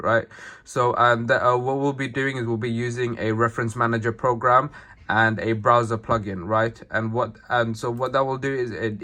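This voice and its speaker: A man talking through a casual screen-share tutorial, slightly hoarse, rambling with lots of fillers, restarts and tag questions. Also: mid-range voice, fairly bright tone. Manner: rambling, full of fillers and restarts, tags "right?". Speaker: tutorial maker.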